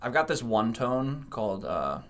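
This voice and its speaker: A man's voice: medium pitch, big pitch swings, unhurried, a bit bright. A man, a band's vocalist, telling stories in casual podcast chat, swearing and laughing often. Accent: New Jersey. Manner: laughing, storytelling, swearing freely. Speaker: band vocalist guest.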